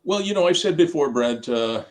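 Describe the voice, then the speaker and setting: An older man with a slightly high voice and lively intonation talks at a moderate pace as a guest on an interview show. He's a sports team founder, answering questions in a chatty, storytelling way and laughing between points. It's casual interview talk, recorded on camera for a video interview.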